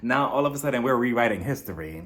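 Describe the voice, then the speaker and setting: A man in the middle of a reality show recap, talking in a casual and sassy way. His voice sits at an ordinary, mid-level pitch for a man. He stays lively throughout, with plenty of playful attitude. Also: fast talker. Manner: animated and sassy, acts out quotes, laughs often.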